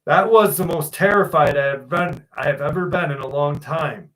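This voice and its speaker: A man with a fairly high voice tells his own encounter in a measured first-person account and sometimes catches himself to restart a sentence. He sits a little back from the microphone. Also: fairly bright tone, recorded from a distance, poor audio. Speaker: witness recounting an encounter.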